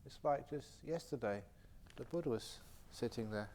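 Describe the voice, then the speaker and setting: Male Buddhist teacher, retreat Q&A, chatty anecdotal delivery, average pitch. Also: moderate pace, a little hiss or hum. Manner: animated anecdotal storytelling with frequent laughter. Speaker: Buddhist monk and meditation teacher. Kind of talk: retreat question-and-answer talk. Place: meditation retreat centre hall.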